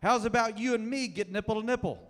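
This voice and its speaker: Brief: comedian doing a cheesy bar flirt, smarmy and sing-song. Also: male voice, high voice, quick pace, long reverb tail, pitched above the performer's own voice, close to an everyday voice.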